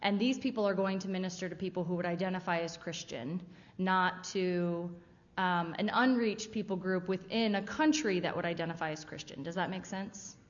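A woman's voice: lowish voice, moderate pace. A woman giving a casual, conversational missionary presentation to a church audience. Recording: dull sound with long hall reverb.

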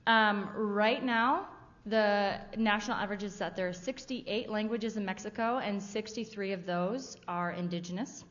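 A woman's voice: medium pitch, fairly bright tone. A woman giving a casual, conversational missionary presentation to a church audience. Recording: dull sound with long hall reverb.

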